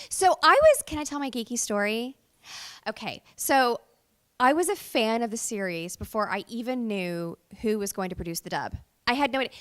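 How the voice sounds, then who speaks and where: Bright-voiced woman chatting in an interview, acts out quotes, bit higher pitch. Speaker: voice actress, interview guest. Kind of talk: convention interview chat.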